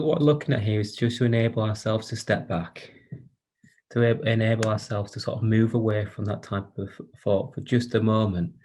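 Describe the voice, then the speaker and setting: A man presenting an online workshop for carers over a video call, speaking in a gentle, inviting way with frequent hesitations and restarts. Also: fairly low pitch.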